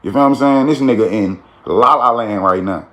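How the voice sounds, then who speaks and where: A man's voice: medium pitch, fairly quick, fairly bright tone. A man telling a street story in a casual, slangy way, with frequent "you feel me" tags.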